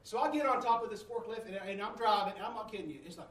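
In a roomy church, a high-voiced man preaches fast with a fairly bright tone, telling a story and inviting the congregation to answer back. Standing away from the mic, he sounds distant, with heavy room echo and a little hiss or hum.

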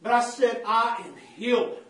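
A man's voice: extremely high pitch, moderate pace, a little hiss or hum. A man preaching a fervent, repetitive sermon, calling out to the congregation. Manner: fervent, repetitive, calls out "saints of God". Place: church. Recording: roomy church from a distance.

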